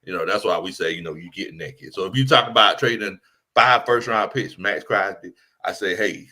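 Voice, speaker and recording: A man co-hosting a casual sports podcast, laughing often and giving shout-outs to viewers. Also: low voice, normal speed. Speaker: co-host.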